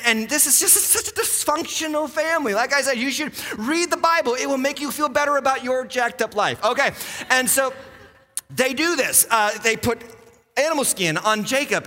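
A man from western Massachusetts preaches with a high, bright voice, acting out each character as he tells the story. His delivery is lively and animated. The sound rings with the long reverb of a large church hall. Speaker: pastor. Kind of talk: sermon. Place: church sanctuary.

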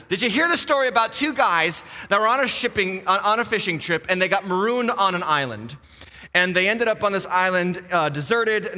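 Middle-aged pastor guy preaching, high bright voice, long church reverb. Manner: animated, joking, repeats key phrases. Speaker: lead pastor. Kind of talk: sermon. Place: church auditorium.

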